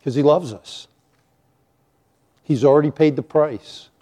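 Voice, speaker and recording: A pastor preaching a sermon to his congregation. His voice sits fairly high for a man but has a mellow, warm tone. His delivery is emphatic, and he stretches out the key lines. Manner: emphatic, varies pace, slows for key lines, rises when acting out accusations. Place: church sanctuary with a congregation.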